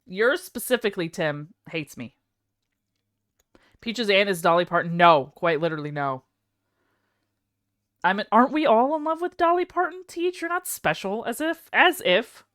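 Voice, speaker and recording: A young woman chats casually on a live stream. She is excitable and self-deprecating, and her pitch swings widely from low mutters to high squeals. Her voice sits in the middle of the usual range. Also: moderate pace, long pauses.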